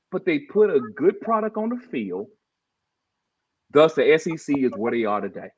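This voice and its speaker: On a podcast, a co-host with a slightly rough voice on the high side, marked by big pitch swings, rants about sports at a moderate pace. Emphatic and fired up, he often says "bro" and "y'all" to the others. The recording is dull lo-fi.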